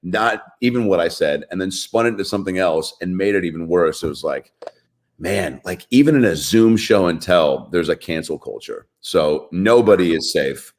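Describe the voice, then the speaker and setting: A man from Seattle, a comedian guest on a radio show, telling a rambling story in a deadpan way. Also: sits low, moderate pace. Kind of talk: casual radio chat, storytelling.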